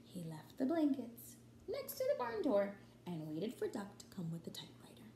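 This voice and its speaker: A woman teacher reading a children's picture book aloud in a sing-song, expressive way. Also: slight background noise. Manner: sing-song, highly animated, slow and expressive. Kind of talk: storybook read-aloud for children. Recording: echoey room.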